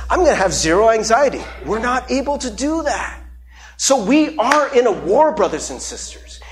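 A young adult male pastor preaching a sermon, earnest and openly emotional, often checking in with "right?". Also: sits high.

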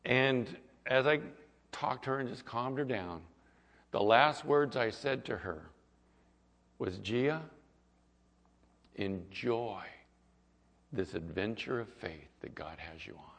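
A male pastor preaching a sermon and telling a story, moving between loud passages and hushed ones. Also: medium pitch, lively intonation, takes it slowly, vocal fry, long pauses. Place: church sanctuary. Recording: echoey hall, dull lo-fi sound.

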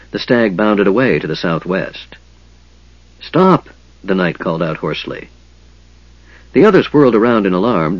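A man narrating a fantasy story in a measured storytelling way, with a husky voice. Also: fairly low pitch, no room sound, highs cut off. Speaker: audiobook narrator.

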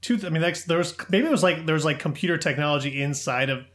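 A man co-hosting a podcast, recapping a movie plot in halting starts and dry jokes. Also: fairly high pitch, a bit bright. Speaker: podcast co-host. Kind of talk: casual movie review chat.

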